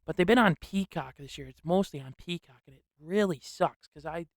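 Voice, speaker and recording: A young man hosting a casual solo sports podcast, rambling and excitable with lots of slang. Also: fairly high pitch, fairly quick, creaky, no echo, clean studio sound. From upstate New York. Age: young adult.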